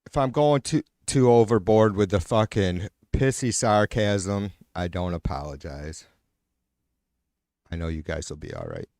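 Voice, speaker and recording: Lower-voiced guy ranting on a stream, swears a lot, sarcastic, dry close sound. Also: very animated, unhurried, creaky, a little mellow, no room sound. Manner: profane, sarcastic, exasperated; talks to a co-host, often trailing off and restarting. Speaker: live-stream host. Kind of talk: casual ranting talk.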